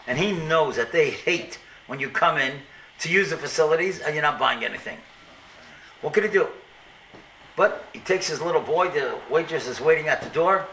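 Bright-voiced man telling a story. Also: a little high, slight background noise. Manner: animated storyteller acting out dialogue. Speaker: speaker. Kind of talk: storytelling sermon. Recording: echoey room, mic at a distance.

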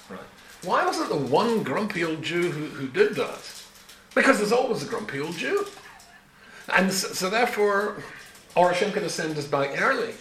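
A man's voice: fairly high pitch, fairly bright tone, a little hiss or hum. A man in his seventies giving a Torah lecture, full of rhetorical questions and dry humor. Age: 70s. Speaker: rabbi teaching a Torah class. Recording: echoey room, faint ambience.

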